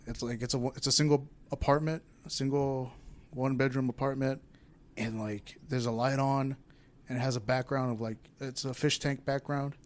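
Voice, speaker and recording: A young man casually telling a rambling, candid personal story in a podcast chat, acting out what people said. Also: mid-range voice.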